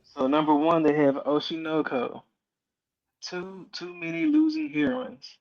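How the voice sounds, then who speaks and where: Higher-voiced guy, gravelly, reading off an anime ranking on a muffled lo-fi mic. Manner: reads off a list in quick items. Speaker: podcast co-host. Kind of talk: casual anime chat. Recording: dull lo-fi mic.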